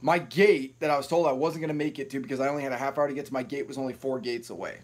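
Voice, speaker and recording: A young man vlogging from home and telling swear-filled stories straight to the camera. He rambles and rants in a casual voice of ordinary pitch, picked up by the camera's own mic. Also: rapid-fire. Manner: profane, rambling, ranting. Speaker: YouTube vlogger. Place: at home, no ring light set up. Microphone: built-in camera mic, no external mic.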